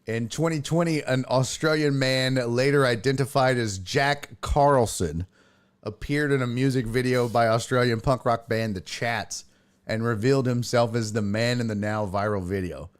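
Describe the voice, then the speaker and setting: A man hosting a sports podcast, chatting casually, excitable and profane, often laughing and imitating voices. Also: mid-range voice, normal speed, clear, resonant tone.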